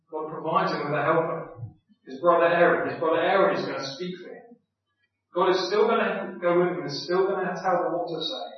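A man preaching a sermon, animated, acting out quotes and repeating his key points. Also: a little high, brisk. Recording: very echoey, distant, dull sound.

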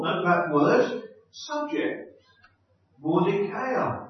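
A man preaching an expository sermon in an animated, emphatic way, repeating his key phrases. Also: high voice, very slow. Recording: echoey hall, distant mic, dull sound.

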